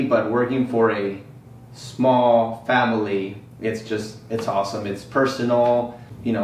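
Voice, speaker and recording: A relaxed man, a service technician, speaks in a casual interview, his sentences easing off at the ends. He sits back from the mic in a roomy, echoing space with a faint hiss behind him. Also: fairly low pitch, recorded from a distance. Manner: relaxed, easygoing, trailing off. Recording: echoey room, off-mic, faint noise.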